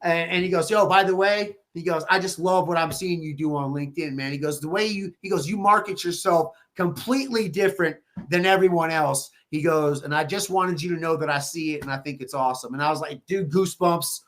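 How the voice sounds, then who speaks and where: A man telling stories as a podcast guest, animated and swearing freely, quoting people in lively voices. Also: fairly high pitch, fairly quick, few pauses. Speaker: podcast guest, real estate agent. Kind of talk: casual podcast interview.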